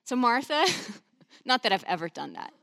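A woman preacher giving a chatty, conversational sermon, animated and full of asides. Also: on the high side, normal speed, vocal fry.

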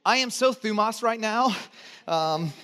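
A middle-aged American man preaching a conversational sermon in a church, asking the congregation to repeat words and adding joking asides, swinging between loud emphatic lines and quiet low ones. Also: lively intonation, a little slow, clean tone. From United States. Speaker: pastor.

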